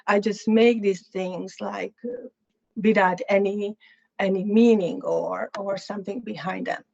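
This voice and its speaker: Hungarian-accented woman giving a halting artist talk. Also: mid-range voice, steady tone, vocal fry, a little mellow, muffled recording. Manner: halting, searching for words, candid. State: slightly hoarse, clearing throat. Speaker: guest artist lecturer. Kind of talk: lecture about her own artwork.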